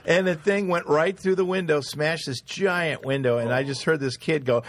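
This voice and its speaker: A man's voice: a little high, moderate pace, heavy background noise. A man telling rowdy stories in casual chat, acting out other people's voices and laughing often.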